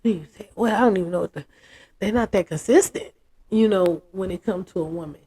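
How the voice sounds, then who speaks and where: A woman, telling a story in a casual interview, frank and animated, acting out what others said. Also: mid-range voice, quick pace, breathy edge. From United States. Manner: animated, acts out quotes, frank and profane.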